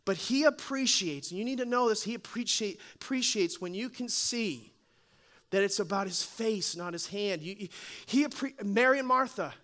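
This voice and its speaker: Man, pastor, sermon, very high voice, bright tone, animated storytelling. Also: moderate pace. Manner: animated storytelling, acts out quotes, playful asides.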